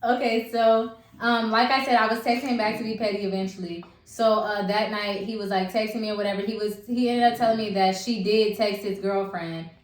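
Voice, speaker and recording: A young woman telling a story in casual chat, animated and profane, acting out the people she quotes. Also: medium pitch, a little fast, hardly any pauses. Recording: echoey room.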